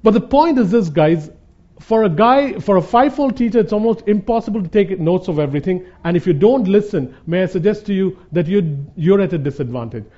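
An earnest Bible teacher delivers a conversational sermon, repeating points for emphasis and calling his listeners "guys." His voice is high, mellow and animated, and he talks a little fast. The sound quality is dull and lo-fi.

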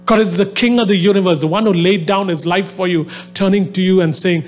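A man's voice: sits high, steady tone, a little fast, hardly any pauses, a little hiss or hum. A man preaching a sermon, telling a story conversationally with many fillers, then building into a fervent exhortation to his listeners. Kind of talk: sermon to a live audience. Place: venue with a soundboard.

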